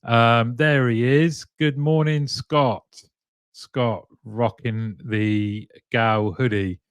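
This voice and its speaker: A man's voice: mid-range voice, fairly even intonation, very slow, clear, resonant tone, no room sound, clean studio sound. A man hosting a live stream, chatting casually and greeting viewers one by one by name, with plenty of ums. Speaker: live show host.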